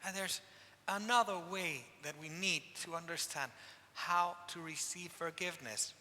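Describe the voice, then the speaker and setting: A man's voice: on the high side, measured pace. A man, a priest, preaching a sermon at a penitential service, telling stories with emphatic repetition. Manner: emphatic, repeats key phrases, animated storytelling. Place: church. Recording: long church hall reverb.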